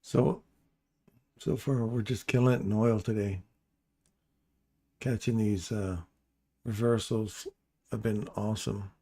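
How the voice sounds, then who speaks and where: A man quietly thinking aloud while commentating his live trades as a streamer, talking into a desk mic. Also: fairly low pitch, steady tone, takes it slowly, gravelly, pauses often, dry recording. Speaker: trading streamer.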